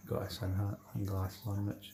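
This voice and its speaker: Fairly low-pitched and heard through a lot of noise, this Scottish man from Glasgow chats casually with viewers on his fishing livestream. He greets people by name and can't stop saying "mate."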